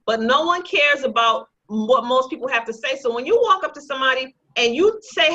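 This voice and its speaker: A woman with a high, bright, ringing voice teaches a real estate investing class. She mixes jokes with a sales pitch in a lively way, and the sound is dull and lo-fi. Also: fairly quick, hardly any pauses. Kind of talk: live online class presentation.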